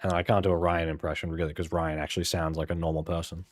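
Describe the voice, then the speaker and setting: A man's voice: deep voice, level tone, fast talker. A man casually rambling while playing a game, full of fillers and restarts, frank and offhand. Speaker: gaming channel host.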